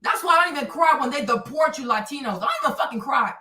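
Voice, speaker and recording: A woman's voice: high voice, animated, fast, sharp tone, far from the mic. A woman hosting a livestream, ranting in an angry, profane, repetitive way as she answers her chat. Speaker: livestream host. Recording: echoey room, voice off-mic.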